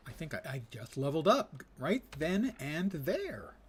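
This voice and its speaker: A man's voice: a little high, big pitch swings, unhurried, slightly rough. A man in his seventies streaming a game, making dry, sarcastic asides and reading menus aloud. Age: 70s. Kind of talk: casual gameplay commentary.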